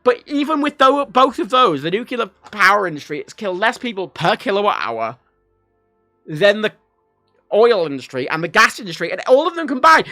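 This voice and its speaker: A man's voice: high-pitched, big pitch swings, moderate pace, bright, forceful tone, no room sound, studio quality, faint music behind. A young man streaming a game, talking casually in a profane, opinionated rant. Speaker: livestreamer. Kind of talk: casual gameplay stream commentary.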